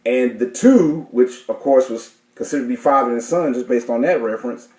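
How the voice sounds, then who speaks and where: A man's voice: medium pitch, moderate pace, mellow. Man reading definitions in an echoey room. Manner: hesitant, many fillers and self-corrections. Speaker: class teacher. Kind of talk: reading and explaining legal definitions.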